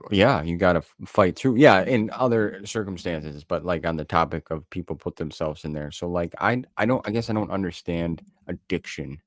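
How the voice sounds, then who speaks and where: A man's voice: deep voice, normal speed, few pauses, no echo, studio quality. A man co-hosting a casual podcast chat, telling stories in an earnest, rambling way. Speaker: podcast co-host.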